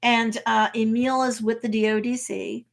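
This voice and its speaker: A woman attorney casually recapping and commenting on a TV episode, chatty and lively, acting out characters' lines. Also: on the high side, moderate pace, gravelly. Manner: lively storyteller who acts out characters' lines; chatty, with frequent um and you know. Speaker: attorney reacting to a TV series.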